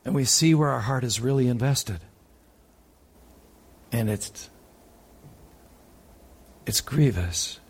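A man preaching a sermon, moving between urgent raised passages and quiet, hushed ones. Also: medium pitch, expressive, takes it slowly, pauses often, husky. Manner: preaching with sharp swings from loud urgent peaks to hushed tones.

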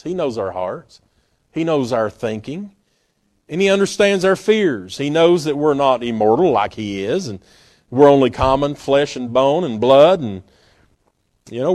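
A man preaching a sermon in a folksy, storytelling way, acting out scenes with sudden loud bursts. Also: medium pitch, expressive, moderate pace.

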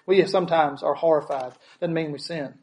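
A man's voice: a little high, fairly even intonation, a little fast, darkish tone, low-quality recording. A man preaching a sermon as pastor, asking the congregation questions and repeating words for emphasis.

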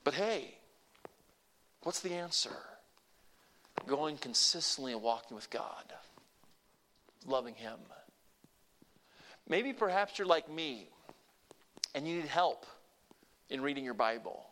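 Preacher guy talking to his church, kinda higher voice, gets loud then goes real quiet. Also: animated, slow, pauses often, a little hiss or hum. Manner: earnest, rising to emphatic peaks then dropping soft; conversational, with restarts and asides to the congregation. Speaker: pastor. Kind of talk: sermon.

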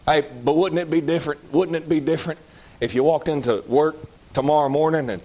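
A man with a Southern accent preaching a sermon in a folksy, emphatic way, shouting at times. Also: a little high.

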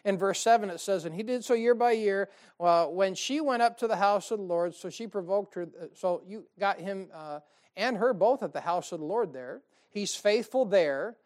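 A male pastor preaching a sermon to a church congregation, joking and calling out "Amen?", swinging between loud and quiet. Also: sits high, moderate pace. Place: church service.

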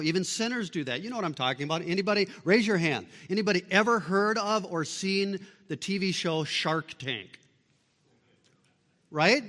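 A male pastor preaching a sermon, shifting between loud emphatic bursts and quiet low passages. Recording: long reverb of a large hall.

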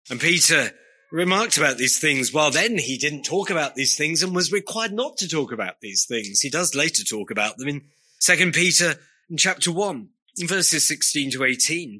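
Earnest bright-voiced male preacher. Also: mid-range voice. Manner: earnest, emphatic, with slow stressed phrases. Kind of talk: sermon.

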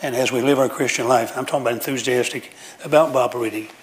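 A man's voice: medium pitch, steady tone, quick pace. A man preaching a sermon in a church, telling folksy stories with frequent restarts and repeated phrases.

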